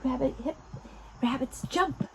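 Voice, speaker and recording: Woman doing a toddler show, high bouncy voice, slow and careful, faint noise behind. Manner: animated, coaxing, talks directly to small children. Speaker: children's video host. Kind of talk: interactive toddler lesson.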